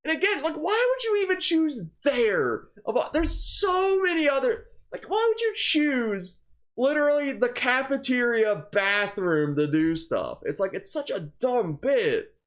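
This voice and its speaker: A man's voice: extremely high pitch, big pitch swings, a little slow, a bit bright. A young man co-hosting a gaming channel, ranting in casual chat, rambling and exasperated, full of fillers.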